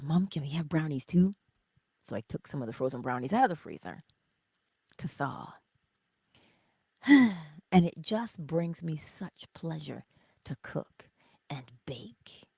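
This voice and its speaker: A middle-aged woman hosting a casual spiritual livestream, chatting with viewers, telling stories and often dropping into soft whispers. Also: low voice, vocal fry, slightly rough, no room sound. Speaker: host of a morning livestream.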